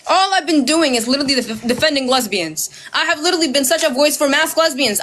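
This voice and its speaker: A woman ranting straight to camera, loud and heated, swearing constantly and mimicking her critics with sarcasm. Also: high-pitched, expressive, fast, hardly any pauses, slight background noise. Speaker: social media creator. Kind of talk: ranting direct-to-camera video.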